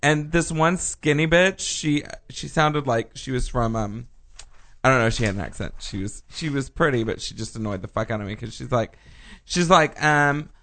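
Man, co-host, casual profane storyteller, mid pitch. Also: normal speed. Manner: animated storyteller, swears freely. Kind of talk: casual chat.

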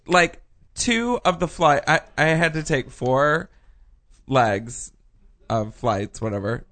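Profane storytelling man. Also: medium pitch. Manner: animated storyteller, swears freely. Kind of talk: casual chat.

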